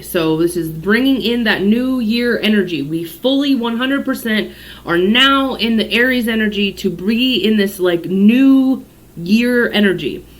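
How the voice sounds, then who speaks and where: A woman psychic giving a casual daily tarot and astrology reading, rambling off on tangents and swearing freely. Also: lowish voice.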